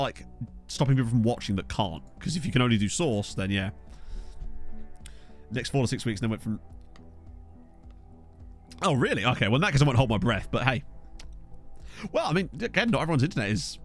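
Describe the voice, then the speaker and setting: A young man streaming at home, chatting and rambling to his viewers while playing a game. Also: mid-range voice. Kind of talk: casual live-stream chat while playing. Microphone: desktop USB mic.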